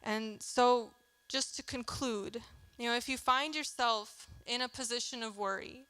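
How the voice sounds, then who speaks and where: A woman's voice: a little high, measured pace, pushed and bright, clean tone, no echo. A young woman giving a candid, chatty youth sermon in a church, laughing often as she talks. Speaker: youth speaker.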